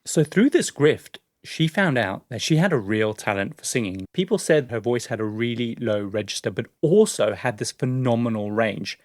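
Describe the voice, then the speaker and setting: A man's voice: mid-range voice, expressive, normal speed, few pauses, a little mellow, dry recording, clean studio sound. A man co-hosting a podcast, telling a story in a casual, chatty way with lots of fillers and laughs. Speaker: podcast co-host.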